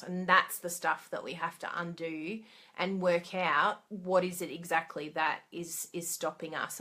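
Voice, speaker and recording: A woman talks straight to camera in a casual, encouraging way, often turning to questions for the people watching. Her voice sits a little low but sounds bright and forward. She chats like a friend and laughs at her own mistakes. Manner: chatty and encouraging, laughs at herself, asks listeners questions. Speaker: trainer for craft product demonstrators. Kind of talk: casual motivational talk to camera.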